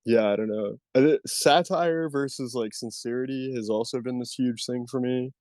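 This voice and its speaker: A young man talks loosely on a podcast, drifting between casual swearing and quick laughs. His voice sits at a middle pitch, recorded dry and close with no room sound. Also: darkish tone, no echo. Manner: laid-back, swears casually, laughs often. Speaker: podcast host. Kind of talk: casual chat.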